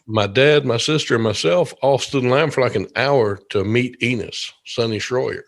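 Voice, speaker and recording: A man's voice: mid-range voice, normal speed, creaky. A man from Georgia, hosting a casual interview show and talking in an easygoing, rambling way. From Georgia, USA. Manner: easygoing, rambling, many fillers. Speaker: podcast host.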